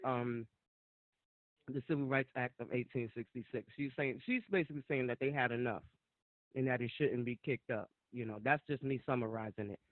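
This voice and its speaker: A man's voice: medium pitch, dry recording. A male channel host breaks in with casual commentary, speaking directly to his audience. His voice sits in a mid range. The recording is dry and tinny, with a narrow, phone-like sound. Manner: conversational, talks straight to viewers.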